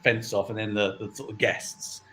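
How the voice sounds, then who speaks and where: A man's voice: lowish voice, flat delivery, moderate pace, pushed and bright, slight background noise. A middle-aged man, a guest on a chat stream who tells stories with animation and acts out the voices of the people he quotes. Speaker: guest from a toy company. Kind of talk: casual chat.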